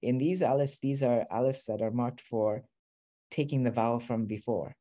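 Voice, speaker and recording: Man, teacher, mellow tone, patient step-by-step explaining, online class. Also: medium pitch, steady tone, moderate pace. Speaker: Arabic teacher.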